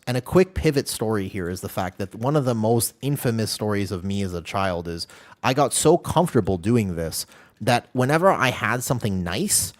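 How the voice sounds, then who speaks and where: A man streaming a game, chatting casually and rambling while answering his chat. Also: on the low side.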